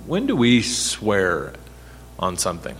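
A man's voice: lowish voice, huge pitch swings, slow, fairly bright tone, soft background music. A man leading a Bible study, talking conversationally, asking the group questions and repeating his points for emphasis. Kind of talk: interactive sermon teaching.

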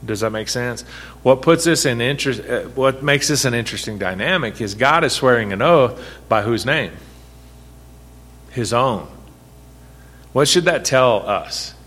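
A man's voice: medium pitch, expressive, measured pace, fairly bright tone. Man teaching a Bible study. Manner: conversational, asks the group questions, repeats points for emphasis. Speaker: pastor leading a Bible study. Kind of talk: interactive sermon teaching.

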